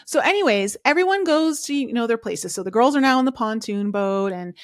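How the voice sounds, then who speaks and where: A woman's voice: a little high, expressive, fairly quick, no echo, clean studio sound. A woman hosting a podcast, giving a casual, opinionated recap of a reality show, talking chattily with lots of fillers. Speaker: podcast host.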